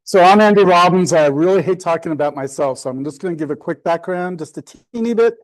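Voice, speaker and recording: A middle-aged man with a fairly high voice gives a casual talk to a club audience. His humor is sarcastic and he is quick to play himself down. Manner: sarcastic, self-deprecating. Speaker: presenting photographer.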